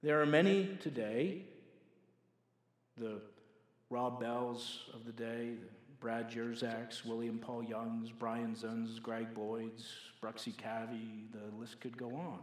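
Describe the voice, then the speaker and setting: A man preaching a sermon, moving from a told story to forceful preaching, recorded in a reverberant hall. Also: medium pitch, fairly even intonation, takes it slowly. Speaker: pastor. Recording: echoey hall with long reverb.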